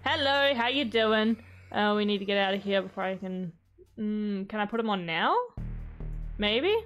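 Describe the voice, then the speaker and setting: A woman's voice: medium pitch, normal speed, fairly bright tone, lo-fi sound, faint music behind. A young woman doing chatty, giggly let's-play commentary, reading game text aloud. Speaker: game streamer.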